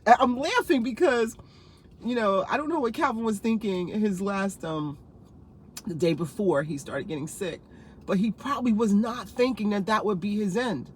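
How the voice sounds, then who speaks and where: A woman in her fifties from New Jersey, telling rambling stories to camera in a casual vlog, laughing often with lively asides. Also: medium pitch, moderate pace, slight background noise. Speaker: vlogger.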